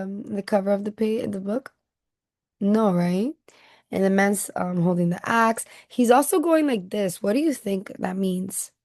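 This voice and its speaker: A woman's voice: medium pitch, no echo, clean studio sound. Woman reading a picture book to kids. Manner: gentle questioning, checking in with listeners. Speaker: teacher.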